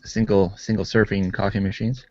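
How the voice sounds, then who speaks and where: Deep-voiced man explaining things patiently. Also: flat delivery, normal speed, a little mellow, lo-fi sound. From Canada. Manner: explanatory, methodical, trailing off. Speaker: podcast co-host. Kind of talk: casual chat.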